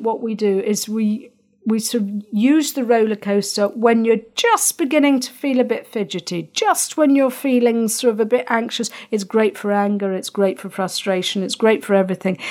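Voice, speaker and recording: A middle-aged woman, hosting a parenting podcast and talking gently through a calm breathing exercise, with many fillers and restarts. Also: medium pitch. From Northern Ireland. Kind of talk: calm guided instruction.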